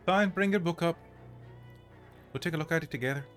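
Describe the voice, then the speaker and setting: A man's voice: fairly high pitch, brisk, a bit bright, soft background music, voice pushed up, close to an everyday voice. Man putting on a curt, bossy older woman.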